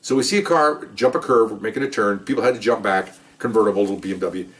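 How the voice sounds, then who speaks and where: A man's voice: on the low side, quick pace, distant mic. An older man, a retired police officer, telling rambling stories from the job in a casual way, with many restarts. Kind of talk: casual storytelling.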